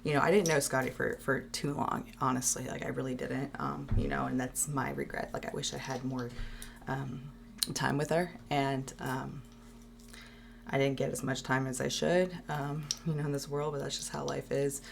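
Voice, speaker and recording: A woman hosting a tribute show, talking haltingly with many fillers and restarts while holding back tears. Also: rumbling low, flat delivery, vocal fry. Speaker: show host. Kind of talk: emotional tribute talk.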